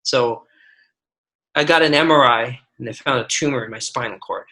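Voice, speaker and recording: A man's voice: medium pitch, normal speed, sharp tone, poor audio. A man in his forties, a physician guest on a podcast, telling personal stories earnestly with frequent restarts. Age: 40s. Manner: earnest, storytelling with many restarts. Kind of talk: podcast interview.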